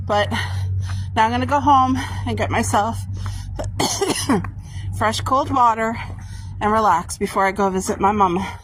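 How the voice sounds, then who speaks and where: A woman's voice: fairly high pitch, measured pace, pauses often, a little hiss or hum. A middle-aged woman from Canada chatting casually through a home vlog, homey and talkative, with little apologetic asides. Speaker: vlogger.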